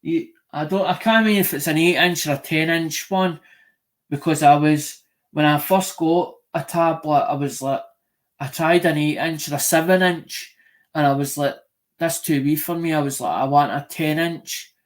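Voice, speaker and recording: A man's voice: on the high side, moderate pace. Rambling Scottish man live-streaming. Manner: rambling, many restarts and repeats. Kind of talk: casual live-stream chat.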